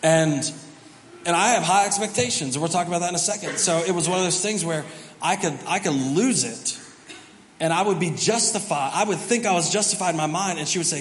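A man, the pastor, telling a family story during a sermon, animated and self-mocking. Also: on the high side, a little fast. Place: large church auditorium. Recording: reverberant hall, faint background noise.

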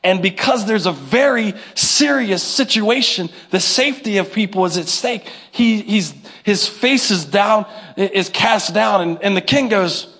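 A man preaching a sermon to his congregation, animated, with call-and-response and little acted-out scenes. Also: sits high, a little slow, hardly any pauses, breathy edge. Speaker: pastor.

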